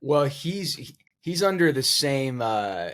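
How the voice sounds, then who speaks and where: A man, a pro player and guest co-host, telling a rambling, animated story on a casual podcast. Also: medium pitch, takes it slowly. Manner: rambling, animated anecdote with many fillers.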